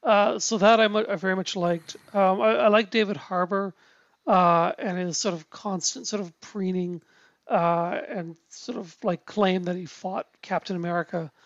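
Halting man in a lo-fi recording. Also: sits high, steady tone, no echo. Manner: halting, many restarts and fillers, swears casually. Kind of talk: casual film discussion. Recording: dull lo-fi sound.

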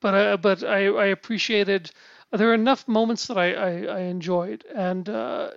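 A man chatting casually about a film, halting often with restarts, fillers and casual swearing. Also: high-pitched, fairly even intonation, vocal fry, no room sound. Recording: dull lo-fi sound.

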